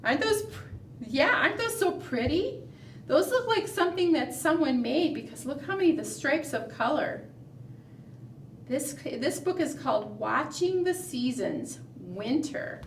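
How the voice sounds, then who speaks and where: A children's librarian leading a preschool storytime, coaxing young children in an animated, encouraging way. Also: female voice, sits high, measured pace. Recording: roomy, from a distance, faint noise.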